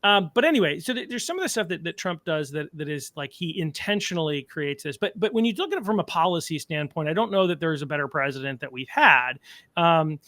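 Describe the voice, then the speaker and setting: A man's voice: on the high side, lively intonation, fairly quick, bright, forceful tone, no room sound. A man hosting a podcast, interviewing in a casual, rambling way with many fillers and restarts. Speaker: podcast host.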